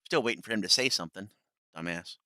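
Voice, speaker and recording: A man's voice: sits low, fast, pushed and bright, no echo, clean studio sound. A man hosting a live stream in casual, rambling chat, full of fillers and chuckles. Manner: rambling, laughing, many fillers. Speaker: streamer host.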